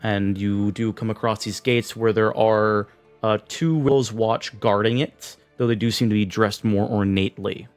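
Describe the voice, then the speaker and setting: A man's voice: lowish voice, steady tone, normal speed, no room sound, soft background music. A man running a tabletop game as game master, narrating scenes loosely with many fillers.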